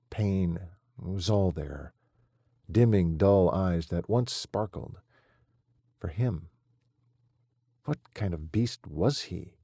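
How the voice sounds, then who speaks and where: Deep, slow male audiobook narrator. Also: husky, no echo, studio quality. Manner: measured, steady storytelling.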